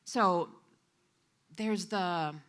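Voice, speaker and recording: A woman interpreting for a storyteller, voicing a live story at a coffee shop event in an animated, expressive way. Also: lowish voice, very slow, clean tone.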